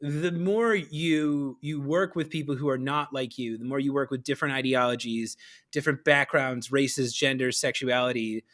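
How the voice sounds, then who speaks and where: A man hosting a casual live-stream conversation, telling stories with a lively comic delivery. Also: medium pitch, normal speed. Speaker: host.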